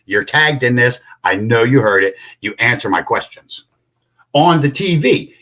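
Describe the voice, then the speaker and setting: An older man in an angry, profane livestream rant, confrontational and shouting at times. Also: mid-range voice, lively intonation, a little slow.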